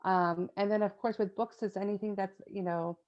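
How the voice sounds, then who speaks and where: A woman's voice: mid-range voice, steady tone, moderate pace. A woman guest, a children's book author, talking casually in an interview with many fillers and frequent laughs. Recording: dull lo-fi sound.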